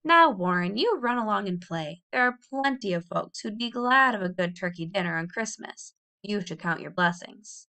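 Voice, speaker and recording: A woman's voice: medium pitch, animated, moderate pace, hardly any pauses, pushed and bright. Woman doing a sighing, scolding pioneer mother. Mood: brisk. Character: fretful loving pioneer mother.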